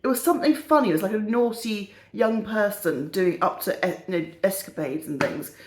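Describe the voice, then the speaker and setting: A woman's voice: medium pitch, moderate pace, a little mellow. A woman chatting casually and cheekily on her vlog, giggling as she goes. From United Kingdom. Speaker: vlogger, perfume reviewer. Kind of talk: casual chat. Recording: echoey room.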